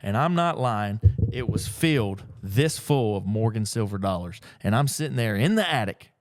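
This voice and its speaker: A middle-aged man, telling a story in a casual, folksy, animated way as an antiques picker. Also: lowish voice, normal speed, no echo, clean studio sound. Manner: animated, folksy, acts out the people in his stories. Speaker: antiques picker and auction dealer. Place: auction gallery.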